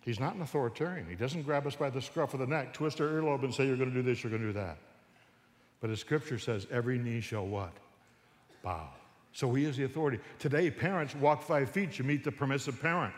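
A man giving a humorous talk on Christian parenting to a church audience, an animated storyteller who acts out parents and kids. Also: mid-range voice, fast, big-room sound.

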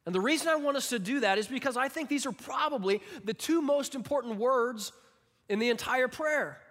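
High-voiced male pastor preaching in a reverberant hall. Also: brisk. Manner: animated, emphatic storytelling with acted-out quotes. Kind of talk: sermon. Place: church auditorium. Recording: long reverb of a large hall.

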